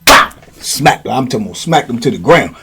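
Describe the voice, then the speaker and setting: A middle-aged man telling prison stories in a slangy, animated way. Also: medium pitch, a little fast, a little hiss or hum. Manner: slangy, animated, lots of "you know what I'm saying". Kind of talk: casual storytelling.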